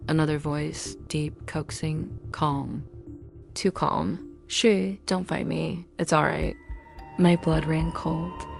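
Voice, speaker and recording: Low gravelly woman narrating a story. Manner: tense, clipped short sentences. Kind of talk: scripted first-person story narration. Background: music.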